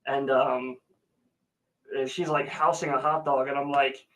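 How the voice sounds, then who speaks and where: A man hosting a casual livestream, his voice sitting a touch higher than most men's. He talks in a loose, rambling way, full of fillers and side comments, and stops mid-story to greet viewers by name. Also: steady tone, slow, bright, forceful tone, a little hiss or hum, low-quality recording. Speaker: livestream host. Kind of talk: casual live chat.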